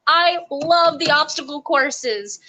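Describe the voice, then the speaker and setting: A young woman telling stories from army basic training in a casual interview, lively and quick, acting out the quotes. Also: high-pitched, muffled recording. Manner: animated, quick storytelling with acted-out quotes.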